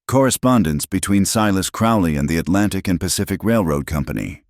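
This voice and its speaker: A man's voice: low voice, brisk, dry recording, studio quality, pitched above the performer's own voice. A man voicing a determined, wounded frontier schoolteacher who speaks steadily and coldly in an audiobook western. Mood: steady, accusing. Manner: steady and cold, accusing.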